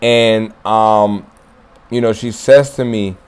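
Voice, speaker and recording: A man's voice: fairly low pitch, steady tone, slow pace, smooth. A man hosting his own martial arts channel, talking loosely and profanely to viewers, chuckling and repeating points for emphasis. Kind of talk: casual solo monologue to viewers.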